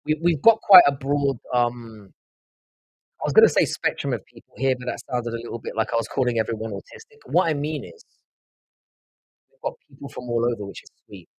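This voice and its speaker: Husky South London man rambling on stream. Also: medium pitch, animated, fairly quick, no echo, rough recording. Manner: rambling, profane banter, answers viewers' chat. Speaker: livestream host. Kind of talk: casual live-stream chat.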